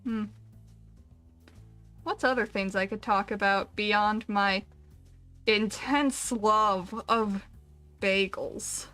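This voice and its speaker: Rambling bright-voiced woman streamer. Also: medium pitch, fairly even intonation, drawn-out words, long pauses, soft background music. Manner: rambling, self-deprecating, jokey. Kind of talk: casual chat while gaming.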